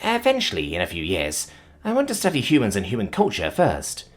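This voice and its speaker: A man's voice: lowish voice, wildly swooping pitch, brisk, soft background music. A man voicing an eager, enthusiastic young female alien who speaks with a strong accent.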